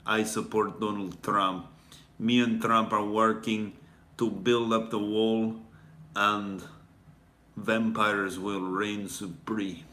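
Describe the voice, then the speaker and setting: A man's voice: on the low side, flat delivery, takes it slowly, pushed and bright, reverberant. A comedian voicing a scheming, centuries-old male Russian vampire in a put-on Russian accent, gloating and menacing.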